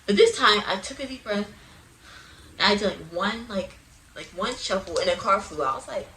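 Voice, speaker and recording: A young woman casually telling her personal testimony into a phone, animated and prone to sudden loud outbursts, with uneven volume. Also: medium pitch, moderate pace, slight background noise, rough recording. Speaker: person giving a religious testimony.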